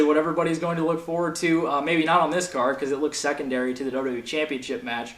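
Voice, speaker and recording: A young man with a fairly high voice rants in passionate, profane commentary as a wrestling show host. The room around him rings with echo, and a faint hiss sits under the recording. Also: little pitch movement, fast, few pauses, fairly bright tone. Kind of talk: heated casual commentary. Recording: echoey room, faint noise.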